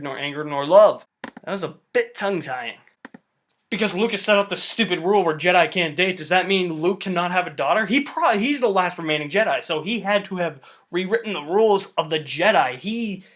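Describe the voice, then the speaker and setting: A young man giving a casual, excited film review, chatty and swearing loosely. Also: sits high. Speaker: movie reviewer.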